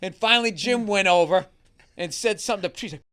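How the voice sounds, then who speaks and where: A comedian in casual podcast chat, telling animated stories and swearing often. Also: male voice, high-pitched, fast talker, smooth.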